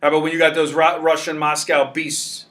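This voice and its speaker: A brash man runs a sports betting show, pushing his points hard. His voice sits a little high and sounds bright and forceful. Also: level tone, a little fast. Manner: brash, emphatic, salesman-like. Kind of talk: casual sports betting talk.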